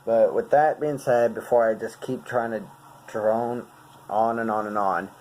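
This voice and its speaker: A man in his twenties, talking earnestly and haltingly as a vlogger, searching for his words. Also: lowish voice, steady tone, darkish tone, poor audio. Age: 20s. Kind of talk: casual talk explaining song lyrics.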